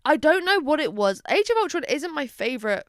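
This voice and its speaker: A young woman vlogging in a casual chatty way, swearing freely, with quick asides and playful dramatic exclamations. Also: high-pitched, sing-song, no echo, studio quality. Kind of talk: casual chat to camera.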